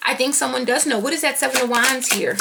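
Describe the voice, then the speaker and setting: A woman doing a tarot card reading, animated and thinking aloud as she pulls cards. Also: high voice, fast, vocal fry, noisy background. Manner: animated, talking to herself while pulling cards. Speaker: tarot reader.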